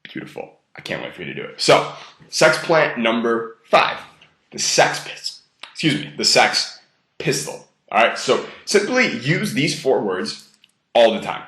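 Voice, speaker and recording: A man's voice: medium pitch, very animated, unhurried, a bit bright, roomy sound. A young man giving blunt, profane dating advice in a casual monologue, heavily stressing key words and amusing himself. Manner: blunt, profane and self-amused.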